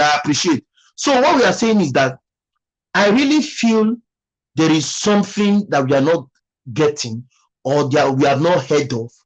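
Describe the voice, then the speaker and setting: Husky Nigerian man chatting on a live stream. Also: a little high, rough recording. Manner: chatty, thanks viewers by name, muses aloud. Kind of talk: casual live-stream chat.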